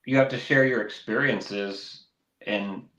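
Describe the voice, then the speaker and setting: With a lowish voice at a measured pace, a man co-hosts a casual faith podcast, talking earnestly at length and imitating critics in sudden energetic bursts. There's a roomy echo.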